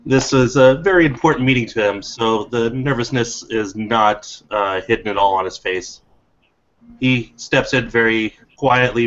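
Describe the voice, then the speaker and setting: A man's voice: fairly low pitch, a bit bright. A man playing a tabletop game, describing his character's actions with a few fillers, on a dull lo-fi recording. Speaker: player.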